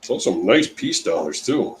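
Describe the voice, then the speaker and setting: A man's voice: fairly low pitch, big pitch swings, unhurried, a little mellow. An easygoing man in a casual chat, laughing along as co-host.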